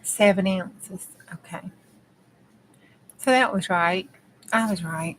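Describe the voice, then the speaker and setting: A crafting channel host with a Southern US country accent chats casually to her viewers as she works on a craft project, drawling and clipping her words once she gets going. Her medium-pitched, fairly bright voice moves slowly with frequent pauses. The low-quality recording carries a little hiss or hum.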